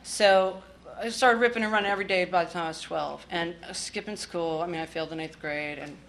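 A woman's voice: fairly low pitch, steady tone, a little fast, a bit bright, slight background noise. A woman from the Washington, D.C. area sharing her recovery story in a candid, blunt way with wry humor and swearing. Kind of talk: personal testimony.

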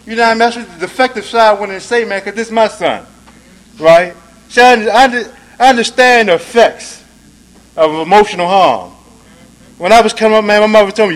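A man offers a personal recovery testimony at a meeting, fairly quick and conversational, with frequent "man," "right?" and "you dig?" His delivery shifts between soft and low and loud and emphatic, and the recording is low quality.

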